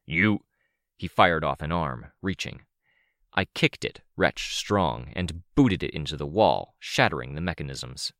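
Deep-voiced male audiobook narrator. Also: lively intonation, a little slow, fairly bright tone, dry recording, clean studio sound. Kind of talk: first-person fiction narration.

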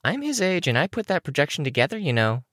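A shrill, bragging preteen girl in an audiobook reading, put on by a man. The voice jumps very high and cocky, well above a man's range, and bounces around a lot. The sound is close and dry. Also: big pitch swings, fast talker, a bit bright, no echo. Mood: boastful. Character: preteen girl hero, brash and boastful.

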